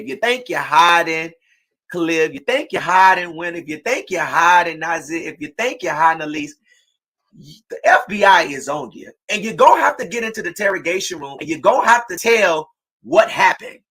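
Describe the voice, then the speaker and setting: Fiery, bright-voiced woman host. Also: lowish voice, animated, moderate pace. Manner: fiery, preachy, often shouting. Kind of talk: impassioned livestream commentary.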